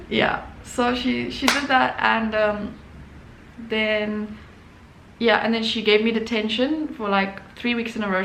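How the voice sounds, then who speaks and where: A woman hosting her own channel, telling a story in a casual, animated way and acting out quotes. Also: fairly high pitch, echoey room, slight background noise, low-quality recording. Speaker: artist and channel host.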